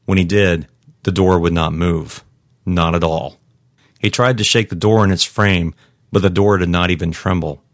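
A man narrating a story in a very deep voice, steady and measured. The recording is dry, with no room sound. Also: dry recording. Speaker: audiobook narrator. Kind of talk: scripted narration.

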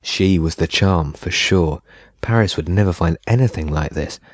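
Deep-voiced man narrating horror. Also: dry recording, clean studio sound. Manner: measured, unhurried storytelling. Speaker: audiobook narrator.

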